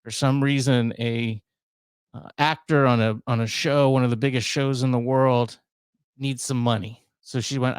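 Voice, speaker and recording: A man in his thirties rambles through a solo podcast monologue, poking fun at himself as he goes. His voice is clean and smooth at a middle pitch. The recording is dry, with no room echo. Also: steady tone, moderate pace. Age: 30s. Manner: rambling and self-mocking, full of asides. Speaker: podcast host.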